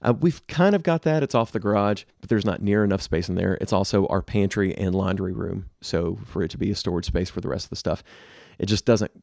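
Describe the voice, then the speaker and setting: A man with a low, gravelly voice chats casually as a podcast co-host, offering practical tips to his listeners. The sound is close and dry, with no room around it. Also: fairly quick, hardly any pauses, darkish tone, no echo. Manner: conversational, advice-giving, addresses listeners directly. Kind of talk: casual chat.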